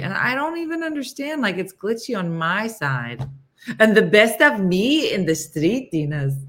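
A woman hosting a casual livestream, chatting with viewers in a rambling way, with many fillers and frequent throat-clearing. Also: deep voice, fairly bright tone. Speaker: livestream host. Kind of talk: casual chat with live viewers.

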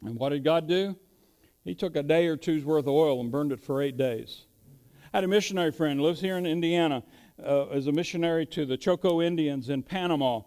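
A man's voice: on the high side, fairly quick, a little mellow, clean tone. A man preaching a sermon, asking rhetorical questions and building emphasis as he teaches. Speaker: pastor.

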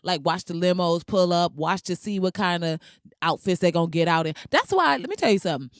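A podcast host telling stories in casual, comedic chat, animated and full of slang and swearing, laughing often. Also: medium pitch, dry recording, clean studio sound. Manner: animated, slangy, profane storytelling with frequent laughs.

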